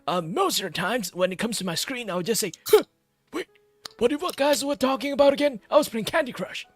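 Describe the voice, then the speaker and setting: Man doing a shrill dying old judge. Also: lively intonation, a little fast, no room sound, soft background music. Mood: dismissive. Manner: dismissive, distracted.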